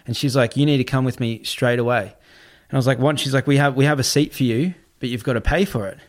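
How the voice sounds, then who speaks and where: A man, a podcast guest telling a story in a casual, animated way, often swearing and repeating himself. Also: mid-range voice, quick pace. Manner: animated, repetitive, swears freely.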